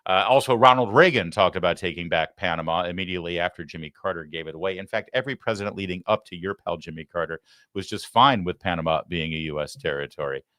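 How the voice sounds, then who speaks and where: A man with a fairly low voice hosts a live political talk show. He rants with heated sarcasm into a studio microphone, and the sound is close and dry with no room around it. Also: fast, fairly bright tone, no room sound. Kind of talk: live opinion commentary.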